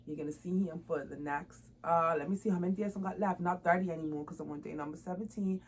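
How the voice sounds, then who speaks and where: A woman's voice: lowish voice, steady tone, fast, a little hiss or hum, rough recording. A woman chatting casually to camera about her doll hobby, informal and laughing often. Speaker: doll collector vlogger.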